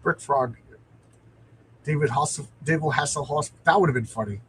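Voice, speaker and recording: A man's voice: on the high side, moderate pace, a little hiss or hum, poor audio. A man hosting a live stream, reading a comic aloud with enthusiasm and answering viewer comments.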